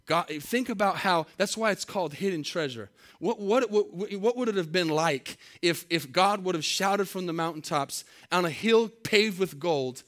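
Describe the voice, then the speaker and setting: Male preacher, sermon storytelling, fairly high voice, dramatic, soft-to-loud swings. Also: normal speed. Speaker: pastor.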